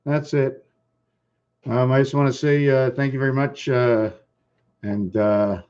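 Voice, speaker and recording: A man's voice: medium pitch, level tone, unhurried, long pauses, a little mellow. A man hosting his own casual video, distracted and thinking aloud, repeating himself as he clicks around. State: losing his voice. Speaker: channel host. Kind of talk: rambling casual livestream talk. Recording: dull lo-fi recording.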